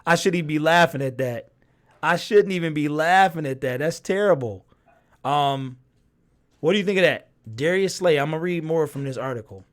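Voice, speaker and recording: A man with a fairly high voice hosts a casual sports talk livestream. He reads viewer comments aloud and reacts to them with lots of fillers and repeated phrases. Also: moderate pace. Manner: animated, reacts to chat, frequent fillers and repeats.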